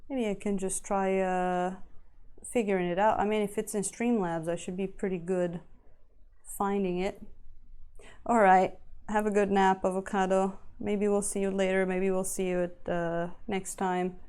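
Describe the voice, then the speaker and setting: A woman paints a miniature live and chats with her viewers as she works. She talks at a slow, unhurried pace in a mellow, warm voice, rambling from thought to thought and laughing often. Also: mid-range voice, little pitch movement, clear, resonant tone. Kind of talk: casual live-stream chat while painting.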